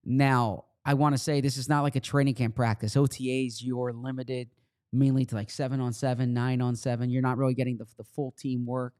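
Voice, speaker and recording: A man's voice: mid-range voice, little pitch movement, a little fast, darkish tone, smooth. A man with a slight Philadelphia accent co-hosting a sports podcast, talking casually and explaining things with frequent restarts. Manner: conversational, explains with repeats and restarts. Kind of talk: casual chat.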